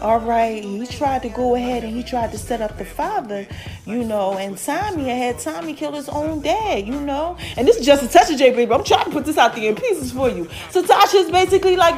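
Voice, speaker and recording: A woman giving a casual, animated recap of a TV episode, talking straight to her listeners and acting out the characters' lines. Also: soft background music. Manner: chatty, animated, addresses listeners as y'all; acts out characters' lines with quick pitch jumps. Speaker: TV recap host.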